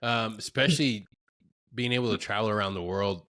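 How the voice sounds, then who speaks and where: Host, man, easygoing and casual, slightly low pitch, dry studio mic. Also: a little fast, no room sound. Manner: relaxed, laid-back, says "dude" and "my man". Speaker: podcast host. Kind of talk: casual conversation.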